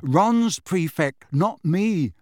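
A man's voice: high voice, lively intonation, extremely slow, a little mellow, dry recording, studio quality, voice pushed up, full character voice. A man reading an audiobook, voicing a teenage schoolboy who speaks plainly and directly. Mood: earnest.

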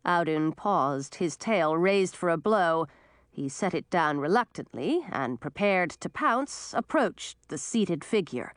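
A woman reading a children's fantasy storybook aloud, with dramatic, expressive narration. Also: lowish voice, slow pace, no echo, clean studio sound.

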